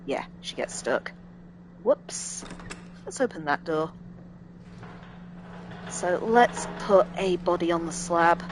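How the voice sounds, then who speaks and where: A woman with a lowish voice talks her way through a horror game, chatty and self-deprecating as she thinks aloud. A faint hiss of background noise sits behind her desk mic. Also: expressive, takes it slowly, long pauses. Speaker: let's play host. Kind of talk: casual gameplay commentary.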